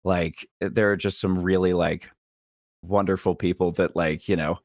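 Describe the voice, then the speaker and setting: A young adult man, a comedian guest, telling stories in a casual interview, lively and quick to laugh. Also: low-pitched, dry recording, studio quality. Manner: animated, laughs often, acts out quoted people.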